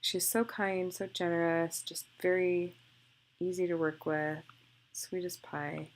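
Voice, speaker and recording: Young woman with a low, gravelly voice, casual tutorial host. Chatty and gushing, thinks aloud while editing. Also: steady tone, slow pace. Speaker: photographer demonstrating photo editing. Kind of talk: casual screen-recorded tutorial.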